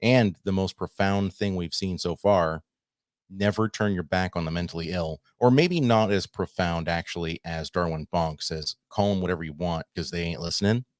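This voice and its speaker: A man's voice: sits low, normal speed, no echo, studio quality. A man hosting a casual talk show, wry and laid-back, reading out viewer comments. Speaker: podcast host.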